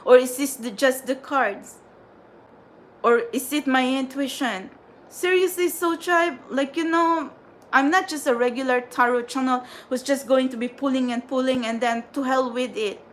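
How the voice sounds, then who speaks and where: A woman with a high, light voice rants on her livestream, exasperated and scolding, circling back to the same points again and again. A faint hum sits behind her. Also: moderate pace. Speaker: tarot livestream host. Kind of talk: frustrated livestream rant.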